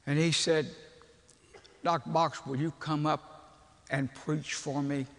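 An older man, telling a humorous story in a folksy, animated sermon. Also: on the high side, slow pace. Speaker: preacher. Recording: long reverb of a large hall.

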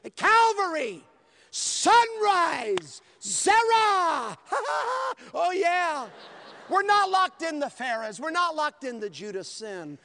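A man preaching a sermon, telling a story with lively swings from hushed to shouting. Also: very high voice, slow.

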